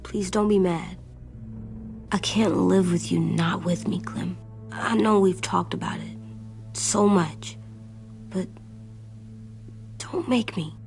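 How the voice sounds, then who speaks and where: A woman's voice: on the low side, slow, gravelly, long pauses, a little mellow. A woman voicing an anxious young boy. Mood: pleading. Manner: earnest, worried, blunt questions. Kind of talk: video game voice acting. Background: game score music.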